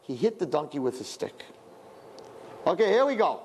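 A man teaching a lively Torah lesson, animated and joking, asking rhetorical questions. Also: on the high side, normal speed, a little hiss or hum.

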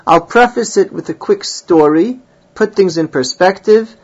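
Male Talmud teacher, husky voice, dull lo-fi recording, reads the text aloud and explains it line by line. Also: high voice, measured pace. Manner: reads Hebrew and Aramaic phrases, then explains them in English. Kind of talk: Talmud class, translating and explaining.

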